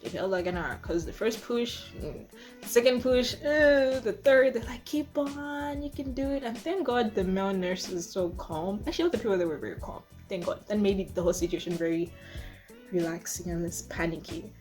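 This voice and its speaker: A woman in her twenties telling a personal story to camera in a casual, chatty way, full of fillers and lively re-enactments. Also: fairly low pitch, a little fast, faint music behind. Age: 20s. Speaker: vlogger.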